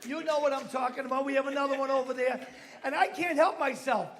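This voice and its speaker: A man's voice: very high-pitched, quick pace. A middle-aged man doing a stand-up routine, telling punchy stories with sudden exclamations and swearing. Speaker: stand-up comedian. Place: comedy club stage.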